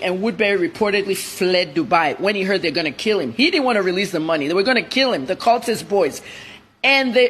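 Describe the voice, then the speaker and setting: A woman journalist from Nigeria, a guest on a TV interview, telling her story in a blunt, rapid-fire way. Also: mid-range voice, a little hiss or hum. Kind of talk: TV interview commentary.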